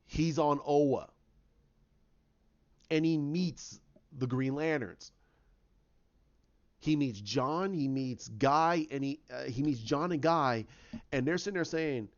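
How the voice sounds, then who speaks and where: A man's voice: fairly high pitch, slow, pauses often. A man casually retelling a movie idea, rambling along with many restarts. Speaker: fan pitching a movie idea. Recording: dull lo-fi sound.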